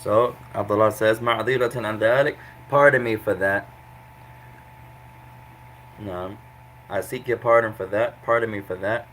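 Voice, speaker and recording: Bright-voiced male Arabic teacher. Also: lowish voice, steady tone, moderate pace, long pauses, slight background noise, low-quality recording. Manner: patient, repeats translations several ways; breaks grammar into small steps. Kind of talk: classroom lesson.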